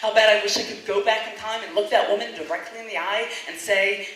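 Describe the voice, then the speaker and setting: A woman's voice: mid-range voice, a little fast, few pauses, fairly bright tone, distant mic. A woman performing a spoken word piece, speaking with impassioned, defiant emphasis. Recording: very echoey room.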